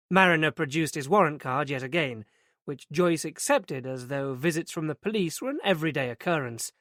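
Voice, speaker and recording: A man narrating a mystery audiobook in an even, steady reading voice. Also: fairly high pitch, a little fast, no room sound, clean studio sound. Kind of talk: scripted narration.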